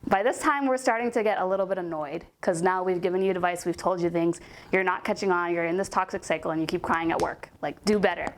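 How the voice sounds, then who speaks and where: A woman's voice: lowish voice, quick pace, a little hiss or hum. A young woman telling a casual storytime about a coworker, chatty and full of "like" and "um" fillers.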